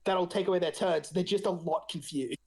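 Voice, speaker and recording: A man running a tabletop game as game master, casual and laughing, with halting restarts. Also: high-pitched, darkish tone.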